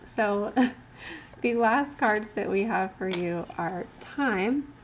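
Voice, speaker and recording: A woman giving a casual tarot card reading, mixing gentle talk full of fillers and restarts with passages read from the cards. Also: mid-range voice, expressive, very slow, a little hiss or hum.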